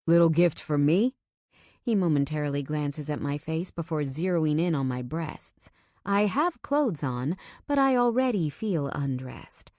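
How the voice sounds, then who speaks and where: A woman reading a first-person audiobook in a tense, measured storytelling manner. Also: sits low, expressive, darkish tone, no room sound, clean studio sound. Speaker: narrator.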